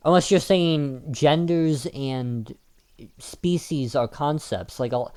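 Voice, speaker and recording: A man's voice: fairly high pitch, slow, darkish tone, smooth. A man delivering an argumentative opinion monologue in a combative manner, with frequent restarts and filler ums. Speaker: video commentator.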